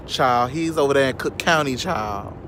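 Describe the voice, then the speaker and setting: A man's voice: medium pitch, normal speed, a bit bright, slight background noise. A man from Chicago giving sassy, shady gossip commentary outdoors, constantly calling the listener "child". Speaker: vlogger. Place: outdoors in sunlight.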